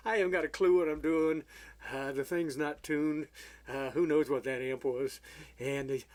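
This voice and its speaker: Man with a slightly high voice, folksy storyteller, halting, lots of fillers. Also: fairly even intonation, a little mellow. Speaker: amateur songwriter and guitarist. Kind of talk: casual storytelling.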